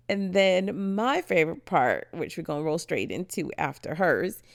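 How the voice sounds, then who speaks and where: A woman's voice: lowish voice, gravelly. A woman hosting a casual podcast, telling stories with lots of laughter and playful put-on voices. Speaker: podcast host. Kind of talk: casual chat.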